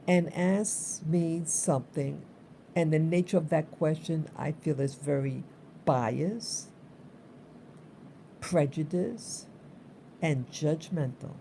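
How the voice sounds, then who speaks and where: Low-voiced, slow-talking woman vlogger. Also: warm tone, slight background noise. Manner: rambling, repetitive, emphatic. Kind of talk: casual storytelling monologue.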